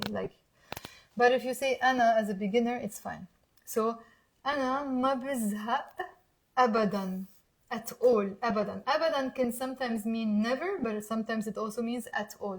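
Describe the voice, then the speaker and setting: A woman from Lebanon with a Lebanese accent, teaching Arabic phrases in English and patiently repeating words slowly for learners. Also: on the high side. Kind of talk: language lesson.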